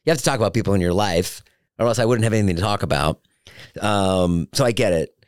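A man's voice: fairly low pitch, fast, smooth, no room sound, studio quality. A man hosting a solo podcast, telling joking, rambling anecdotes with lots of fillers and restarts. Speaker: podcast host.

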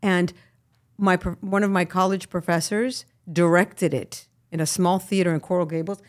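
A middle-aged woman from Miami, a guest actress, chatting casually in an interview and telling animated stories with frequent laughs. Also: lowish voice, moderate pace. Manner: animated storyteller, laughs often, lively asides.

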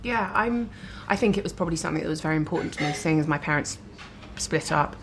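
A woman guest chatting over a restaurant meal, giggly and warm-hearted, talking easily. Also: low-pitched, lively intonation, fast, background noise. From London. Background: cutlery and dishes clattering.

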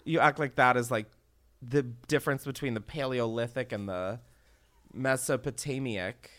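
A woman's voice: very deep voice, normal speed. A woman in her late twenties, a guest comedian in casual chat, rambling and swearing freely. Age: 20s. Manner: rambling, profane, laughing easily.

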